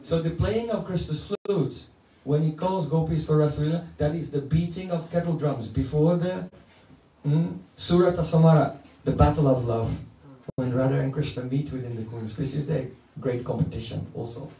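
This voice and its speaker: A man's voice: a little high, moderate pace, warm tone. A man giving a playful devotional lecture, telling stories and breaking into chanted verses. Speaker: spiritual teacher. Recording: echoey room, mic at a distance.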